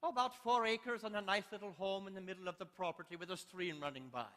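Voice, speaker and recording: A man's voice: sits high, fast, a bit bright, big-room sound. A man voicing a naive, literal-minded woman in divorce court, in a put-on Irish accent, innocent and chirpy.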